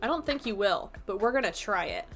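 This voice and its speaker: A woman's voice: mid-range voice, sing-song, brisk, a bit bright, soft background music. A young woman streaming from her apartment desk, chatting casually with a playful, self-mocking manner. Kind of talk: casual live-stream chat.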